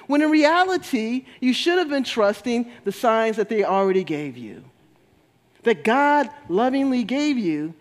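A man with a strikingly high voice delivers a spiritual talk in an animated way. He laughs often and repeats words to hammer points home. His voice rings with a long reverb, as in a large hall. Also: unhurried. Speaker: spiritual speaker.

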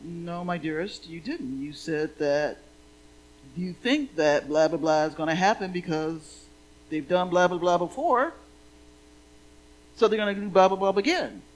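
Woman puts on a calm, patient male teacher, speaking softly and a bit lower. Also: unhurried, close to an everyday voice, poor audio. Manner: calm, patient, soft-spoken.

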